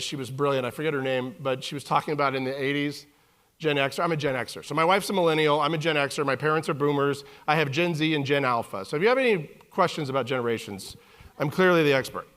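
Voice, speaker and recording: A man in his forties giving a live keynote talk on a conference stage, animated and joking with the audience. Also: on the high side, fast talker. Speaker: keynote speaker.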